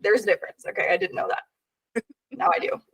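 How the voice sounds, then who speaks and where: A woman's voice: medium pitch, very animated, fairly quick, vocal fry, fairly bright tone, husky, far from the mic. A young woman co-hosting a podcast in casual chat, telling stories and laughing often. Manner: giggly storyteller, laughs often. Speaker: podcast co-host.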